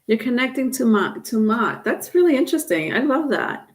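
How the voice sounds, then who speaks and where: A woman's voice: on the high side, sing-song, moderate pace, slight background noise. A woman doing a live-stream tarot reading, chatting casually and reading viewer comments aloud. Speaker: tarot reader.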